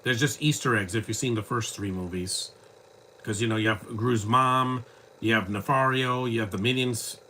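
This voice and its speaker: A man's voice: medium pitch, normal speed, pushed and bright, a little hiss or hum. A man giving casual live commentary over a film, with rambling, joking asides. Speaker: movie commentator.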